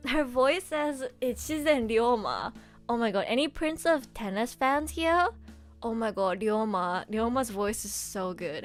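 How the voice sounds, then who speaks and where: A woman voice actress chatting casually on a livestream, excitable and gushing, laughing often. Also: on the high side, a little slow, soft background music. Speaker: streamer and voice actress.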